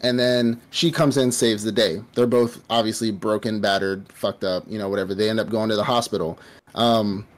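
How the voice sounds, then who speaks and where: A man's voice: on the low side, fairly even intonation, normal speed. A man hosting a podcast, casually recapping a show in a rambling way with lots of swearing and fillers. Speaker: podcast host. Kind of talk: casual chat recapping an anime.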